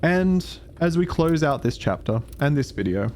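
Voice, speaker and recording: A man's voice: fairly high pitch, very animated, normal speed, a little mellow, slight background noise, voice pushed up. A man doing a dry, mock-formal narrator. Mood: wry. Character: mock-formal adult male documentary narrator.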